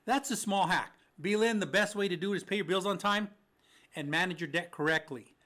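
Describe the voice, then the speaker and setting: A man's voice: high voice, fairly quick, bright, forceful tone. A man co-hosting a mortgage talk show, answering listener questions in a casual, joking way and slipping into mock voices for lenders. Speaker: mortgage podcast co-host.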